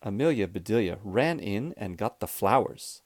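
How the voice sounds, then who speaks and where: A man reading a children's storybook aloud, clear, expressive and deliberate. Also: on the low side, no echo, clean studio sound. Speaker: storybook reader.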